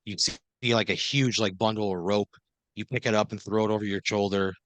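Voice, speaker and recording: A man with a somewhat low voice improvises a comic adventure story, talking loosely and piling on fillers as he goes. The sound is dry and close, like a podcast mic. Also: flat delivery, brisk, a bit bright, no room sound. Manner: loose, rambling second-person storytelling with many fillers. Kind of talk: improvised comedic narration.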